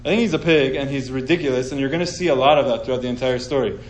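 A man teaching an informal scripture class, telling the story with animated sarcasm. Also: mid-range voice, very fast, echoey room, a little hiss or hum, poor audio.

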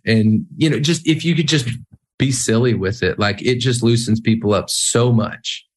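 A man's voice: mid-range voice, moderate pace. Rambling, self-deprecating worship leader man. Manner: rambling, self-deprecating, many fillers and restarts. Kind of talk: casual podcast conversation.

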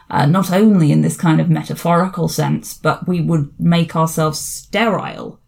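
A woman's voice: deep voice, normal speed, gravelly, few pauses, a little mellow. A woman hosting a podcast, chatting casually and digressively about a book, often laughing. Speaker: podcast host.

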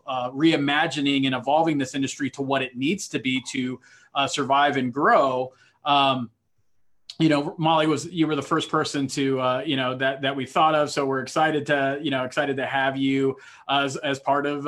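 A man hosting a podcast interview, starting sentences haltingly and repeating words. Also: fairly high pitch, a bit bright. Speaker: podcast host.

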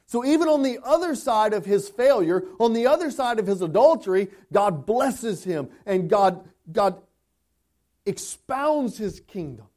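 A male pastor preaching a sermon, swinging between hushed, tender passages and impassioned climbs. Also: high-pitched, expressive, measured pace.

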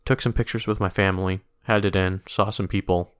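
A man co-hosting a podcast, talking casually and rambling with lots of "like"s, restarts and quick laughs. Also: sits low, steady tone, dry recording, clean studio sound. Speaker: podcast co-host. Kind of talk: casual chat.

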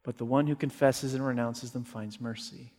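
A man's voice: steady tone, moderate pace. Emphatic male pastor in a reverberant hall. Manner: emphatic, rising to forceful peaks and dropping low. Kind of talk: sermon.

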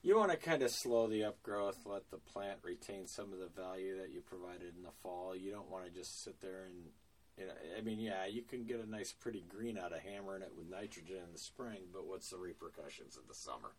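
Low-voiced man talking lawn care. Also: brisk, recorded from a distance. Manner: relaxed, plain-spoken, many fillers. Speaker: lawn care business owner. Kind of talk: casual podcast conversation.

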